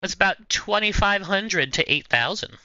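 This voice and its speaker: Stream host, male, very bright tone, bouncy intonation, chatty and playful. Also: high-pitched, expressive, moderate pace, no room sound, muffled recording. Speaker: livestream host. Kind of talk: casual chat answering viewers.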